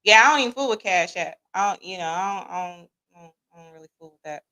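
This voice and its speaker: A woman with a Midwestern American accent hosts a podcast livestream, speaking fast in a fairly low voice. She's lively and joking as she reads the live chat and talks back to her viewers.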